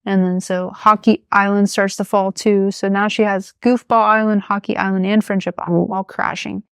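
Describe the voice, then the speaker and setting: A woman's voice: medium pitch, little pitch movement, normal speed, fairly bright tone, clear, resonant tone, no echo. Chatty young woman, dry close sound. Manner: chatty plot retelling, many "like" fillers. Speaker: podcast co-host. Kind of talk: casual chat.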